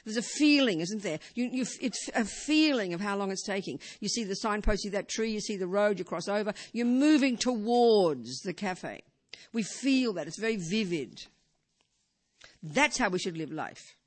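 A woman's voice: medium pitch, animated, normal speed. Older woman giving a conversational Buddhist talk. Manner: conversational, frequent "you know" and rhetorical questions. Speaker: Buddhist teacher. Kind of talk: informal dharma talk.

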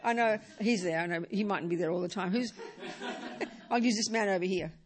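Buddhist teacher, woman, lively and playful delivery, live hall talk. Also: medium pitch, moderate pace, crowd noise. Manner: lively, joking, repeats words for emphasis.

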